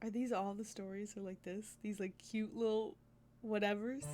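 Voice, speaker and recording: A woman's voice: medium pitch, steady tone, normal speed, darkish tone. A woman casually chatting while streaming a story game, reading its lines aloud with game music behind her. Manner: chatty, giggly, reads every character's lines aloud.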